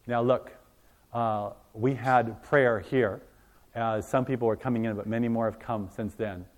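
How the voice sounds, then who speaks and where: A man preaching a sermon, telling a story with acted-out dialogue and swinging from loud, emphatic passages to hushed ones. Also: mid-range voice, steady tone, unhurried.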